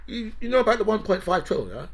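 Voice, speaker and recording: A man's voice: high-pitched, sing-song, rapid-fire. A man hosting a political commentary show, ranting in a mocking, profane, gloating way.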